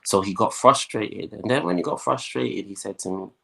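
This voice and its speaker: A young man with a very low voice tells his own story as a guest. He talks in a lively way and slips into the voices of the people he quotes. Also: moderate pace, gravelly. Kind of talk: telling his life story.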